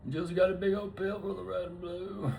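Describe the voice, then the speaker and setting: A man doing a hushed folksy old politician. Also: high-pitched, level tone, normal speed, gravelly, distant mic, a little hiss or hum, pitched above the performer's own voice. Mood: sly. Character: folksy older male politician impression, hushed.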